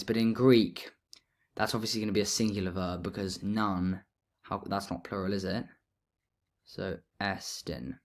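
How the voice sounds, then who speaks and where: A man explaining grammar in a relaxed lesson, thinking aloud as he writes notes. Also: on the low side, normal speed. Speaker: teacher.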